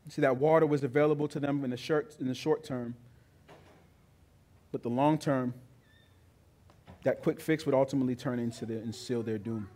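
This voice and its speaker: A male pastor preaching a sermon with emphatic delivery that builds to loud, high peaks. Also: steady tone, normal speed, long pauses.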